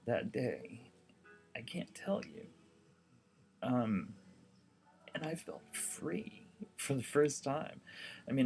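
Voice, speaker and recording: A seriously ill man talking casually to the camera, rambling and heartfelt with lots of fillers. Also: medium pitch. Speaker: documentary vlogger.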